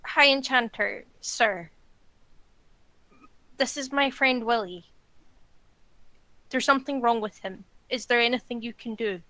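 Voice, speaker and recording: A woman's voice: on the high side, a little slow, long pauses, pushed and bright, dry recording, low-quality recording. A woman playing a tabletop game, speaking earnestly for her character. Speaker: player.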